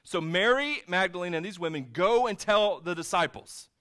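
A man's voice: high-pitched, lively intonation, moderate pace, pushed and bright. A man, a pastor, preaching a sermon in a church and retelling the scene in a casual, storytelling way. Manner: conversational storytelling, retelling scenes in his own words. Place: church sanctuary with a screen.

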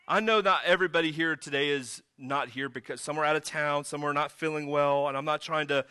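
A man's voice: a little high, fairly even intonation, fairly quick, pushed and bright, clean tone, no room sound. A man preaching a sermon as pastor, mixing conversational storytelling with sudden emphatic rises.

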